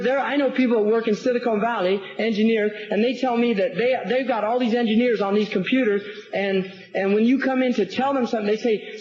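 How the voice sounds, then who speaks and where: A man, an Islamic scholar, giving a public lecture and answering audience questions, animated and sarcastic, often repeating words as he builds a point. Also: extremely high pitch. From United States. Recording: roomy, dull lecture hall recording.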